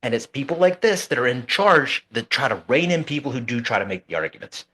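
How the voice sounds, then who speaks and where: A man's voice: medium pitch, big pitch swings, fairly quick, pushed and bright. A man co-hosting a casual political talk show, ranting angrily and swearing freely. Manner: angry, profane ranting. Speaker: podcast co-host.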